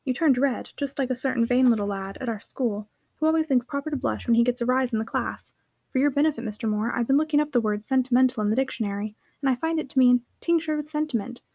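A woman voicing a schoolboy who speaks slowly and quietly with still, dry irony. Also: fairly high pitch, no echo. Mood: dryly ironic. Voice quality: slow, quiet, ironic. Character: boy, slow quiet dry ironic speaker.

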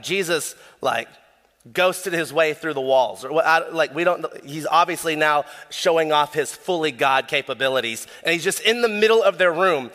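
A young man preaching a sermon as pastor, casual and animated, telling stories with lots of fillers. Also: on the high side. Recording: long hall reverb.

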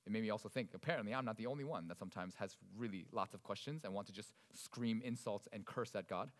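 A man preaching a sermon in an expressive, conversational way, swinging between loud emphasis and quiet asides. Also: fairly low pitch, fast. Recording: long reverb of a large hall.

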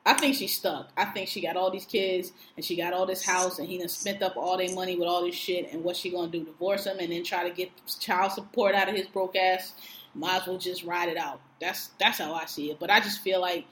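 A woman's voice: lowish voice, steady tone, fairly quick, fairly bright tone, reverberant, slight background noise. A woman co-hosting a podcast, chatting casually and profanely about a reality show, acting out quotes with laughter. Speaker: podcast co-host.

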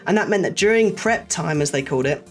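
A man telling stories in a casual chat, lively and acting out the people he quotes. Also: a little high, quick pace, soft background music. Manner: animated storyteller, acts out quoted voices.

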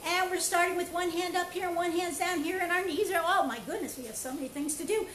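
A woman teaching a playful online karate and breathing class, coaching with counts and energetic shouts. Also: extremely high pitch, fast. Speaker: karate and movement instructor. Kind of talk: live online exercise class. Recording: echoey room with faint ambient noise.

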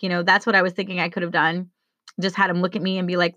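Shaken woman, low voice, dry sound. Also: little pitch movement, sharp tone, no room sound. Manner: shaken, halting, with many fillers and restarts. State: choked up. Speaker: vlogger. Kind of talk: emotional personal account to viewers.

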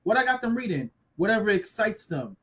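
A man in his thirties co-hosting a casual faith discussion, animated and acting out quoted voices. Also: high-pitched, fairly quick, low-quality recording. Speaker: co-host.

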